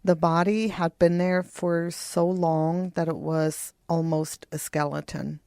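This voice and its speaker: A woman co-hosting a true crime podcast, reading out a phone call in a somber, measured way. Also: fairly low pitch, level tone, vocal fry, mellow, no room sound, clean studio sound. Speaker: podcast co-host.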